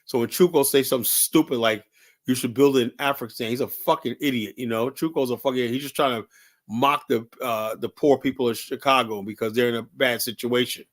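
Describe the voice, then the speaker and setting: A man's voice: medium pitch, steady tone, brisk. A man hosting a livestream, rambling and heated, answering viewer chat with constant "you know" fillers. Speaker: livestream host. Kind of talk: casual live-stream commentary.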